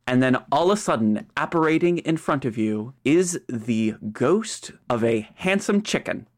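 A man's voice: medium pitch, expressive, moderate pace, hardly any pauses. A man narrating as game master of a tabletop game, playful and often laughing.

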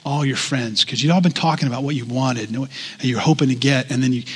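Preaching in a large hall, this male pastor talks fast in a steady, mid-range voice that's slightly rough. He keeps things conversational and regularly asks the congregation questions.

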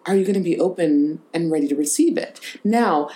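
A woman's voice: fairly low pitch, expressive, brisk, warm tone. A woman co-hosting a casual chat, telling a funny story with laughter and then drawing a spiritual lesson from it. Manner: laughing storyteller turning reflective. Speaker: podcast co-host.

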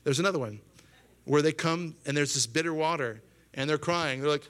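Animated pastor in his thirties preaching. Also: a little fast. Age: 30s. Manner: animated, acts out quoted voices with rising pitch; asks the congregation questions. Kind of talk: sermon.

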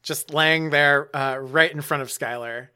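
A man running a tabletop game as game master, narrating in a relaxed, chatty way. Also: on the high side, measured pace, smooth.

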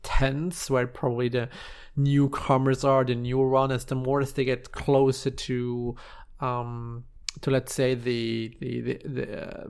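A man narrating a tabletop game scene as game master, halting and searching for words with many restarts. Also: medium pitch, little pitch movement, a little mellow, clear, resonant tone.

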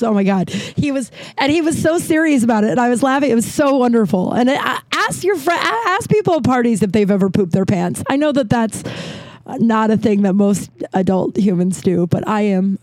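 A woman's voice: on the high side, dry recording. Chatty woman podcaster, dry close sound. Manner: animated, laughing, acts out quoted voices. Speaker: podcast host. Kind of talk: casual solo podcast storytelling.

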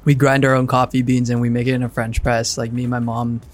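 Relaxed man telling a home anecdote. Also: medium pitch, brisk. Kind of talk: casual podcast chat.

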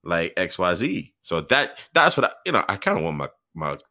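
A man's voice: deep voice, big pitch swings, moderate pace, pushed and bright, dry recording, clean studio sound. A man co-hosting a podcast, rambling casually and poking fun at himself. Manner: self-mocking, rambling. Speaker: podcast co-host. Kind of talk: casual chat.

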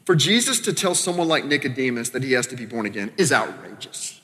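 A man from Arkansas preaching a sermon as a pastor, talking conversationally with quick asides and sudden quiet drops. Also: mid-range voice, sing-song. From Arkansas, American South. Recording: long reverb of a church hall.

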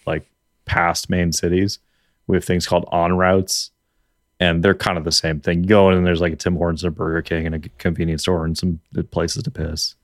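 Chatting about video games on a podcast, this Canadian co-host rambles and keeps restarting sentences in his Canadian accent. His low voice stays level in tone, and he speaks a little fast. The recording is clean studio sound without echo.

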